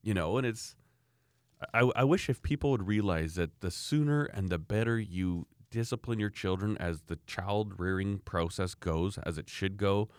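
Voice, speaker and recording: This Canadian father's low, clear, resonant voice comes through clean studio audio with no room sound, at a normal pace. He offers casual, opinionated thoughts on child-rearing, rambling emphatically and often starting his sentences over.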